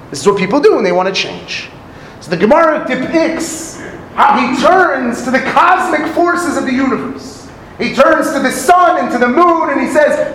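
A man's voice: extremely high pitch, a bit bright, echoey room, slight background noise, rough recording. A man giving a sermon on a Talmud story, telling it dramatically with acted quotes and Hebrew phrases. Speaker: rabbi teaching Talmud.

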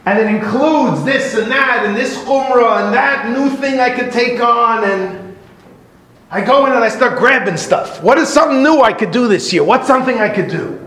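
A man giving a sermon as a religious teacher, telling a parable in an animated, conversational way. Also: very high-pitched, moderate pace. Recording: very echoey room, faint noise.

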